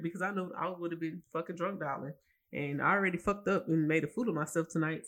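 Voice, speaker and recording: A woman hosting her own podcast alone, tired and emotional, rambling and swearing with lots of restarts. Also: fairly low pitch. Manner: rambling, profane, many restarts. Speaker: podcast host. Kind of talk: casual solo podcast rant.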